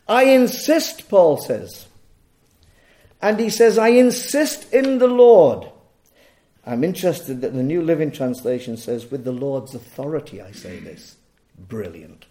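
Guy preaching a sermon, kinda high voice, warm mellow sound, keeps hammering the same phrases. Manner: emphatic, rhetorical, repeats key phrases.

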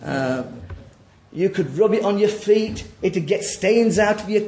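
A man's voice: animated, unhurried. Preacher man with a roomy echo. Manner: swings from quiet low asides to loud, high, near-shouted peaks. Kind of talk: sermon. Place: church.

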